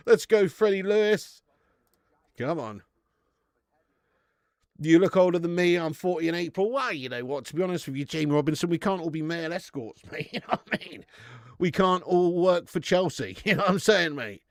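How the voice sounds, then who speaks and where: A man's voice: fairly high pitch, no room sound, clean studio sound. Bantering man hosting a live stream. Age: 30s. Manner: bantering, reads out and greets chat viewers, swears casually. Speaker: host of a live football watch-along. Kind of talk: casual live-stream chat and match commentary.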